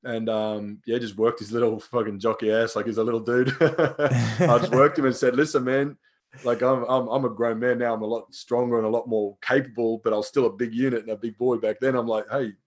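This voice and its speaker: A man's voice: medium pitch, flat delivery, a little fast. A young man, a personal trainer, telling stories in casual chat, swearing freely and acting out the lines of people he quotes.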